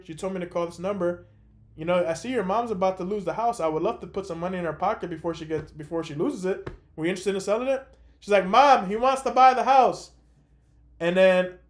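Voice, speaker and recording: A young man hosting a call, telling a story in a casual, animated way with lots of fillers. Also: high-pitched. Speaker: host.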